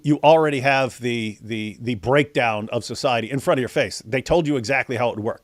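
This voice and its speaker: A man's voice: mid-range voice, dry recording, clean studio sound. A man co-hosting a live talk stream, speaking in emphatic casual commentary and often repeating his phrases. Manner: emphatic, repeats phrases, mocking quoted voices.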